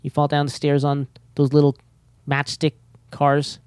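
A man's voice: a little high, completely flat delivery, a little slow, darkish tone, clean tone, no room sound, studio quality. Nervous rambling podcast host, man. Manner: nervous, self-deprecating, rambling with many fillers. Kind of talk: casual solo podcast chat.

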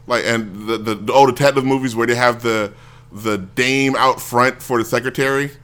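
A man's voice: medium pitch, fairly even intonation, moderate pace, fairly bright tone. A man hosting a talk show, telling a rambling story casually and acting out the people he quotes. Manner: rambling, self-interrupting, acts out quoted voices. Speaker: show host.

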